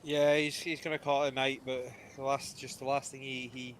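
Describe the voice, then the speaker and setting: A man's voice: mid-range voice, level tone, moderate pace, a little hiss or hum. A man playing a tabletop game over voice chat, rambling and restarting his sentences as he describes his character. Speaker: player. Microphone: computer mic on voice chat.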